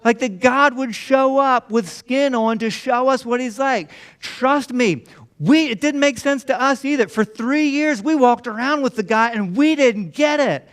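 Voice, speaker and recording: A man's voice: very high voice, measured pace, a bit bright. A man pastor giving a sermon in a conversational, storytelling way, acting out what people in the story say. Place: church.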